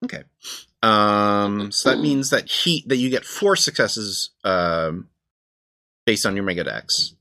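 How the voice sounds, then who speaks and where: Bright, lively game master man. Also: lowish voice. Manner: halting, explains rules with many fillers and restarts. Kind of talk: running a tabletop game, casual.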